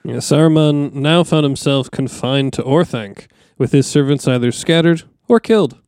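Male co-host, matter-of-fact, smooth resonant voice, dry. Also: on the high side, normal speed, darkish tone, dry recording. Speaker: podcast co-host. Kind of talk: casual chat.

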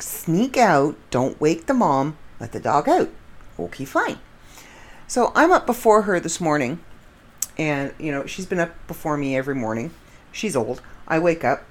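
A middle-aged woman from the United States telling rambling, chatty stories in a casual monologue and laughing at her own jokes. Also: low voice.

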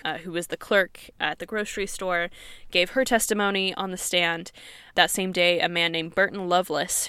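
Smooth-voiced woman narrating true crime. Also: on the low side, a bit bright, dry recording. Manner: reads quoted sources aloud, marking quote and end quote; earnest, conversational narration. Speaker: podcast host.

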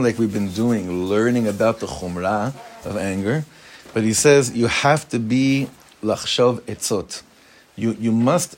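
A medium-pitched man, a rabbi, gives an informal, conversational Torah class, mixing Hebrew terms into his English and posing questions to the room. There's a little hiss or hum on the recording.

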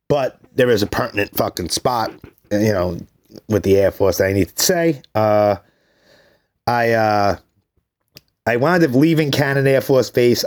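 A man, telling his life story in blunt, profane, rambling casual talk. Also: lowish voice. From Brooklyn, New York.

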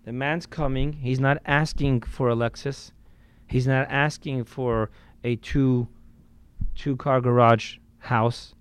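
A man preaching a sermon as a rabbi, emphatic, with sudden swings between loud and quiet, and dropping in Yiddish and Hebrew religious terms. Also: medium pitch, steady tone, takes it slowly, clear, resonant tone, no room sound.

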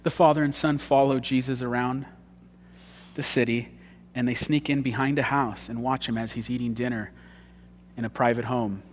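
A man's voice: medium pitch, fairly even intonation, normal speed, slight background noise. Man preaching in a reverberant hall. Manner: dramatic swings from loud emphasis to hushed intensity. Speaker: pastor. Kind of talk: sermon. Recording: long church hall reverb.

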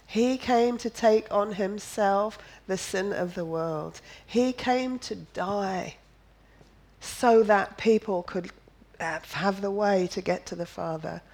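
A woman's voice: mid-range voice, takes it slowly, darkish tone, rough recording. A woman preaching a sermon, emphatic and repetitive, firing off rhetorical questions and slipping in playful jokes. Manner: drops in playful asides and jokes.

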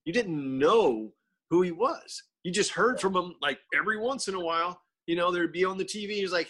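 A man's voice: high-pitched, fairly quick. A man in a casual podcast chat, telling stories with energy and acting out what other people said. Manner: animated storyteller, acts out quotes.

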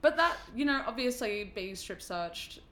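A woman's voice: fairly high pitch, lively intonation, unhurried, a bit bright, slight background noise. A woman interviewing casually, asking questions and giving short encouraging replies. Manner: brief encouraging backchannels, asks questions.

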